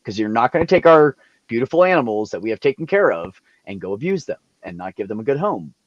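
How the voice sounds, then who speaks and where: A man casually telling animated, profane stories over a video call. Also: medium pitch, fast, dry recording, dull audio. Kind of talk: casual storytelling.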